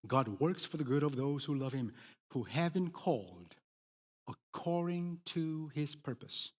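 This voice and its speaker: A man preaching a sermon, emphatic, swinging between loud declarations and hushed words. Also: mid-range voice, lively intonation, unhurried. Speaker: pastor. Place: church sanctuary. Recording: long hall reverb.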